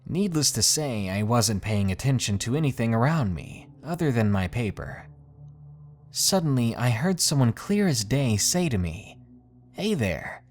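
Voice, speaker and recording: A man reading out a creepy first-person story as a scripted narration, with an expressive storytelling delivery. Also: mid-range voice, normal speed, a little hiss or hum.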